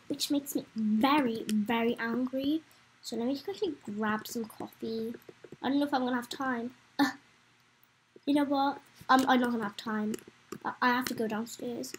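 Young woman, high voice, chatty let's-play commentator, excitable. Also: a little hiss or hum, low-quality recording. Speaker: gameplay commentator.

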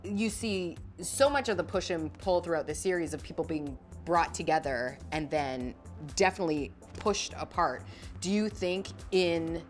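A woman's voice: on the low side, faint music behind. A woman hosting a casual chat, upbeat and asking her guest questions. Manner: upbeat, asks questions, quick to agree. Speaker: host.

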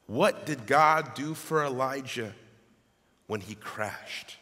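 Pastor, male, slow and deliberate sermon delivery, in a big reverberant sanctuary. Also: mid-range voice. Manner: animated preaching, reading scripture aloud. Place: church sanctuary. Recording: long hall reverb.

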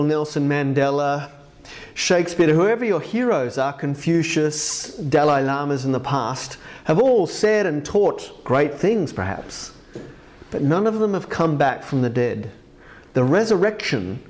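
A man preaching a sermon in church, reading scripture aloud with lively, expressive emphasis. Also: fairly high pitch.

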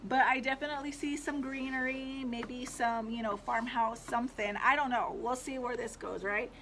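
A woman's voice: on the high side, steady tone, normal speed, a bit bright, a little hiss or hum, rough recording. A young woman, chatting casually to viewers on a live stream as she shows her thrift finds, rambling with lots of fillers. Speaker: livestream host showing thrift finds.

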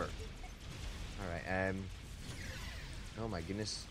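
A man chatting casually while playing a strategy game, self-mocking and prone to sudden excited jumps in pitch. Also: moderate pace, a loud crowd. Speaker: game commentator. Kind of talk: casual gameplay commentary. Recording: background hiss.

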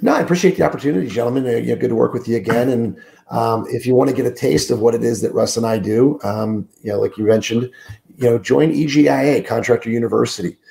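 Groggy, gravelly man coaching on sales. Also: medium pitch, fast, warm tone. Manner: emphatic, repeats words, many fillers. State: groggy, sick voice. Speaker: sales trainer guest. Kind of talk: podcast interview, coaching talk. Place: room alone, remote call.

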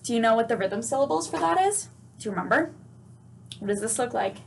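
High-voiced woman teaching a music lesson. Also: lively intonation, fast talker, creaky, slight background noise. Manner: patient, encouraging, asks questions; sings note names and chants.

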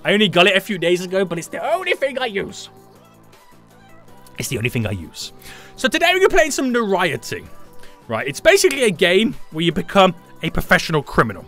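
A young man live-streaming a game, chatting with viewers in a hyped, jokey, animated way. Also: high voice, fairly quick, faint music behind. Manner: hyped, jokey, animated, greets chat members.

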